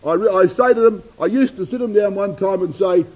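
Husky high-voiced male preacher, earnest sermon, dull old recording. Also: a little fast, hardly any pauses. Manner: earnest, rhetorical repetition.

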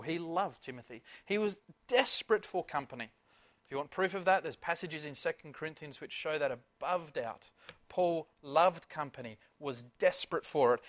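A man delivering a sermon in a fairly high voice. He preaches with fervour, pressing the congregation with rhetorical questions. He swings from loud emphasis to hushed asides. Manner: impassioned, rhetorical questions, big swings in loudness.

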